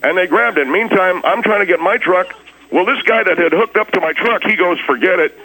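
A man playing Steve Dooley, a bright-voiced rambler. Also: sits high, brisk, poor audio. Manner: rambling, defensive storytelling. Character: hapless, defensive small-town man, middle-aged. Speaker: recurring comedy character on a radio show. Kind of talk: improvised radio comedy bit.

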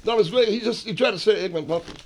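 A man's voice: high-pitched, fast talker, slight background noise, voice pushed up. A man voicing a fussy, nagging older woman co-host who keeps stirring up trouble in a comedy radio bit. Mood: needling. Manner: needling, complaining, stirs up trouble. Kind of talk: comedy radio character improv.

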